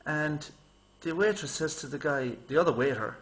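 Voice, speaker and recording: A man's voice: fairly high pitch, normal speed. Chatty man rambling to camera. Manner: chatty, animated storytelling, mimics people in raised voice. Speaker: vlogger. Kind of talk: rambling casual monologue.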